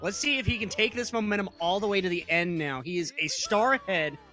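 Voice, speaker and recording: A man commentating a speedrun race with a somewhat raised pitch, reacting keenly to each play and chatting with his co-host. Faint music sits underneath his voice. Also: animated, sharp tone. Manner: friendly, reacts quickly to plays.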